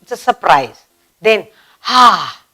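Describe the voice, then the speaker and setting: A woman's voice: medium pitch, expressive, poor audio. A woman with an Indian English accent teaching a grammar lesson for children, acting out example exclamations. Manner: slow, acts out example exclamations.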